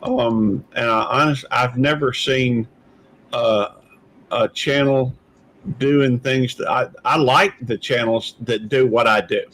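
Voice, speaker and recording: A man's voice: medium pitch, animated, slow pace, a bit bright, slight background noise, rough recording. Man, stream host, casual panel chat, mid-range voice, rambling, hesitant. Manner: rambling, hesitant, many fillers and restarts. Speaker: channel host.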